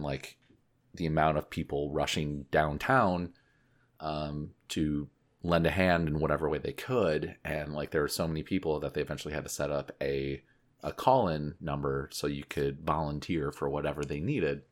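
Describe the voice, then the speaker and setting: A man on a casual podcast, retelling a story with lots of fillers and lively quoted voices. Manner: animated retelling with many fillers, jumps high for quoted voices. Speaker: podcast co-host.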